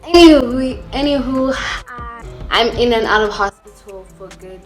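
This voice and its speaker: Young woman, storytime vlogger, mid-pitched, candid and emotional, loose casual delivery, music bed underneath. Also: fairly even intonation, moderate pace, sharp tone. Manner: candid and emotional, full of 'like' and 'you know'. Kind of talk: storytime vlog, casual chat. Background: background music.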